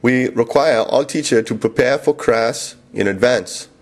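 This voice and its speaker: A man voicing a stiff male office manager who speaks slow, halting, broken English. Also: medium pitch, natural voice. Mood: insistent.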